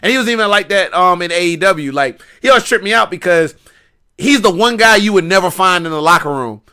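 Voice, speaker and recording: Bright, animated male storyteller. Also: sits high, brisk, clean tone. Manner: animated, slangy, repeats himself. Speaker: podcast guest wrestler. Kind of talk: casual podcast storytelling.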